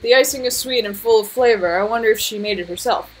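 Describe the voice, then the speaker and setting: A woman streamer reading a visual novel aloud over faint music. Her voice sits fairly high and a bit husky, and she drops casual swearing and jokes at herself between lines. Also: fast talker, poor audio. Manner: casual, swears freely, self-mocking asides.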